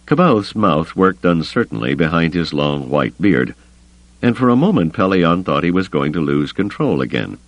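Deep-voiced male audiobook narrator. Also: sing-song, moderate pace, no echo, poor audio. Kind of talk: scripted narration.

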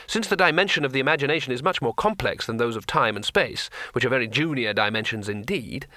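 A man narrating a comic fantasy audiobook with expressive, crisp storytelling. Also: mid-range voice, dry recording, studio quality. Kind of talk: audiobook reading.

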